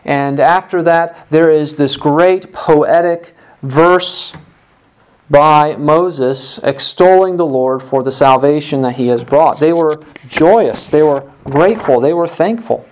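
Guy with a high voice preaching, emphatic, repeats lines for punch. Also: slow, darkish tone, rough recording. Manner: emphatic, repeating phrases for stress. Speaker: pastor; parent. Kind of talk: sermon.

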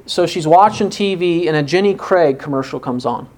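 A man's voice: on the high side, moderate pace, darkish tone. A man preaching a sermon with earnest conviction. He poses pointed rhetorical questions and tells a story to illustrate his point.

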